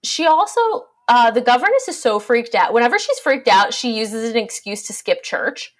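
A woman's voice: fairly high pitch, lively intonation, moderate pace. Irreverent woman casually recapping a plot. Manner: irreverent, swears freely, plot summary with jokes. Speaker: podcast co-host. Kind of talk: casual book discussion chat.

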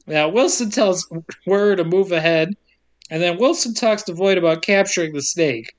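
A man's voice: high-pitched, expressive. A man co-hosting a podcast, recapping a movie in a joking casual way and laughing often. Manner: joking, laughs often, mimics characters in quick asides.

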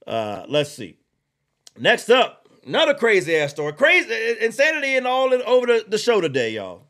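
Giving blunt, fired-up political commentary on his podcast, this host repeats points slowly for emphasis and drops drawled asides. His voice is high-pitched and a bit bright, with huge swings in pitch.

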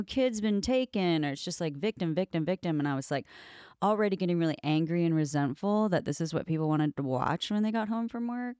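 A woman's voice: fairly low pitch, darkish tone, no room sound, clean studio sound. A woman hosting a casual interview, telling candid stories bluntly and swearing freely.

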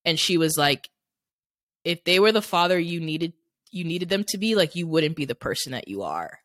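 A young adult woman co-hosts a podcast, telling personal stories in a candid, rambling way loaded with "like" fillers during casual chat. Her voice is low-pitched and fairly bright, with lively intonation at normal speed. The recording is dry and studio quality.

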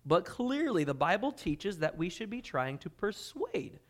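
A pastor delivering a sermon to his church, his fairly high male voice rising and falling in force. He leans on key words, slows down for scripture and speeds up when he explains. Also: sing-song. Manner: dynamic preaching, drops to quiet intensity then swells loud.

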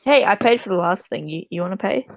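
A woman player in a tabletop game over an online call, joking quickly in casual chat. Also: mid-range voice, animated, gravelly. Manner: quick and jokey.

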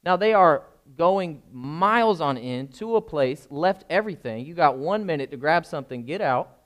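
A man's voice: a little high, expressive, normal speed. A young adult man, a pastor, giving an informal sermon and often checking that his listeners are following. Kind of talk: conversational sermon.

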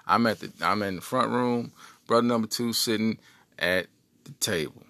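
A man's voice: on the low side, normal speed, no echo. Man telling a comic story, dry sound. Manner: animated, joking. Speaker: podcast co-host.

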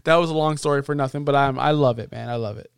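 A man co-hosting a casual wrestling podcast, talking in an animated way and acting out quotes in a raised voice. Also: mid-range voice, fast talker, creaky, smooth, dry recording, clean studio sound. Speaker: podcast co-host.

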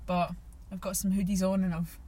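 A woman's voice: medium pitch, flat delivery, brisk, warm tone, a little hiss or hum. A young woman co-hosting a podcast, talking in a chatty, rambling way and laughing often. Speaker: podcast co-host. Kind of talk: casual chat.

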